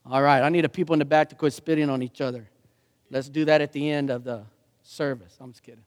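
A man preaching a sermon as a pastor, animated and joking, slipping into playful voices. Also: mid-range voice, quick pace, long reverb tail.

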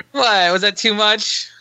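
A man with a somewhat high, very bright voice and a gravelly edge jokes around in a casual podcast chat. He keeps a playful tone, and his sound is dry and close. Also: dry recording. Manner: joking, playful.

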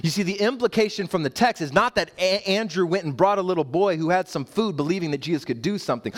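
A man delivers a sermon in a fairly high voice. He builds toward emphatic points with repeated rhetorical questions. He breaks off now and then for light asides to the church. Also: animated, fast, few pauses. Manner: playful asides to the congregation. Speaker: pastor.

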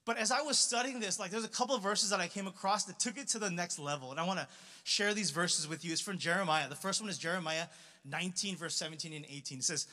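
A young man delivers a sermon in a high, bright voice, talking casually with lots of "like" and restarts. His voice rings out with a long reverb. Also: fast talker. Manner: casual, conversational preaching with many fillers and restarts. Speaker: pastor. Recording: reverberant hall.

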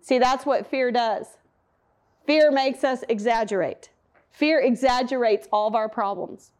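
A woman's voice: a little high, measured pace, darkish tone. A woman teaching a Bible lesson in a chatty sermon style. She asks her listeners questions and acts out the quotes. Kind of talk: conversational sermon.

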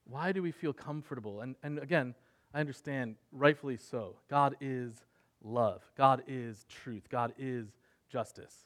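A man preaching a sermon in an earnest way, moving between soft, quiet passages and louder emphatic ones. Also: medium pitch, unhurried. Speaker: pastor.

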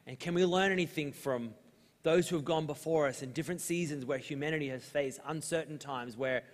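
A young adult man with an Australian accent, preaching a sermon as pastor in a relaxed, storytelling way with lively asides. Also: fairly high pitch, fairly quick. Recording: long hall reverb.

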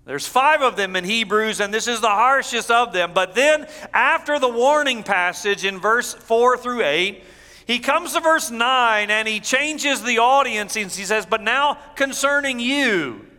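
A man preaching a sermon as pastor, measured, going low and soft when he reads scripture. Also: lively intonation. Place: church sanctuary. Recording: church hall reverb.

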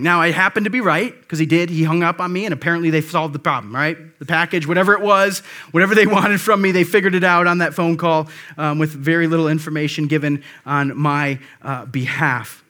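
A man's voice: fairly high pitch, a little fast, pushed and bright. A male pastor delivering a conversational sermon, with frequent asides and restarts.

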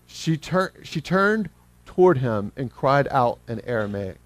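Male pastor, fairly high voice, earnest and animated, close dry mic. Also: no room sound. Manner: earnest, acts out scripture quotes; slows down when reading scripture. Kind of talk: sermon.

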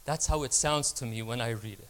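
A man's voice: mid-range voice, a little fast, smooth. A man preaching a sermon, reading scripture expressively and telling a personal story. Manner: expressive, dramatizing quoted voices.

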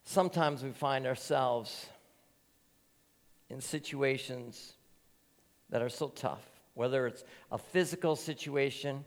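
A man preaching as pastor, earnest and deliberate, telling a story in his sermon. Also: medium pitch, in a large hall. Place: church.

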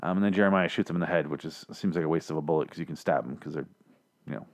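A man's voice: extremely low pitch, rapid-fire, darkish tone. A man hosting a show that recaps TV episodes, talking casually in a profane, exasperated and sarcastic way from a home studio. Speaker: TV recap podcast host.

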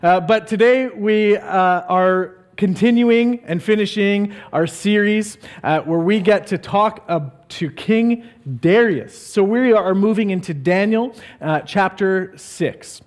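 Male pastor, high voice, joking, rambling, casual sermon. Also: slow pace. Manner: jokey and rambling, many fillers.

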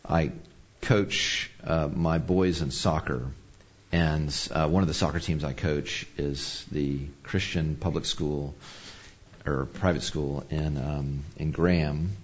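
A man's voice: extremely low pitch, steady tone, slow, highs cut off. A man preaching a sermon on anger, telling a personal story in a conversational, self-deprecating way.

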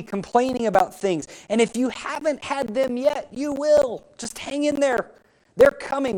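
A woman pastor preaching a sermon, rising in pitch and volume for emphasis and asking the congregation questions. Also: a little mellow, rough recording. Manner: speaks directly to the congregation with questions.

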